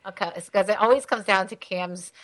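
A woman's voice: medium pitch, brisk, fairly bright tone. A middle-aged woman co-hosting a casual podcast as a sex expert, chatty and teasing.

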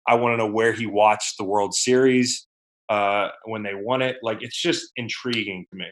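A man's voice: fairly low pitch, steady tone, normal speed. A man co-hosting a sports podcast, rambling in casual, conversational chat.

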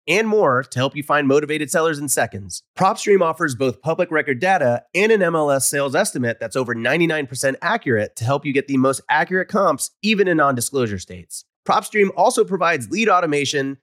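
Guy reading an ad spot, a bit high pitched, smooth and salesy, dry sound. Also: fairly bright tone, no echo. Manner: smooth, promotional. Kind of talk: read advertisement.

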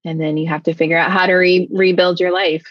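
A woman telling a personal story in conversation, rushing along with many fillers. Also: lowish voice, flat delivery, no room sound, dull audio. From United States. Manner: tumbling, filler-heavy storytelling with many likes. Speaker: interview guest.

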